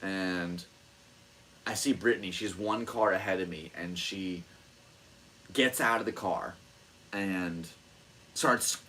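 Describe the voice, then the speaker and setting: A man speaks slowly in a low voice, leaving long pauses, on a rough recording with slight background noise. He's a podcast host telling a story in casual chat, animated and swearing freely as he acts out quoted voices.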